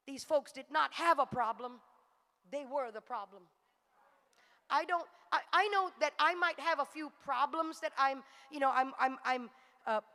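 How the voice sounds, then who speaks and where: Very high-voiced woman preaching. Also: sharp tone, in a large hall. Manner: fervent, rising to exhortation. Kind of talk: sermon.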